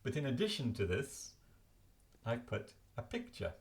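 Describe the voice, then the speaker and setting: A man's voice: mid-range voice, sing-song, measured pace. An older man explaining his flashcards in a chatty, self-correcting way at home. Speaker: language learning video host. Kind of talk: casual explanatory talk to camera.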